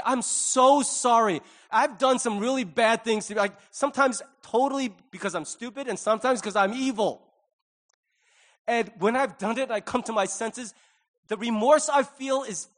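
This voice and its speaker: A middle-aged male pastor preaching a conversational sermon, acting out little quoted voices along the way. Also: extremely high pitch.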